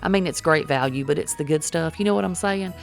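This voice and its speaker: A woman's voice: low voice, fast, creaky, soft background music. A middle-aged woman, chatting folksily through a cooking demonstration and talking to viewers as y'all. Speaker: cooking vlogger.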